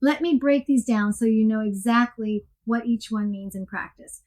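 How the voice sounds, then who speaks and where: Measured woman teaching a coaching lesson. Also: fairly high pitch, darkish tone. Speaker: coaching instructor. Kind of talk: scripted instructional narration.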